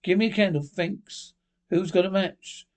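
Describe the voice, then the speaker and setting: A man reading aloud as a brisk, brash young ghost hunter, barking orders in a slightly raised voice. He rules the group, quick to scoff and quick to command, straight from an old storybook. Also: high-pitched, a little mellow. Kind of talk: audiobook character voice.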